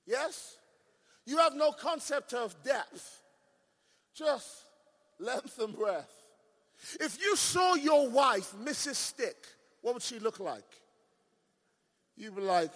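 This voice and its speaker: A male preacher delivering a sermon with emphatic swings between shouting and hushed asides, often asking the congregation questions. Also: extremely high pitch, sing-song, slow pace, long pauses. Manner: playful, asks the crowd questions. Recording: long reverb of a large hall.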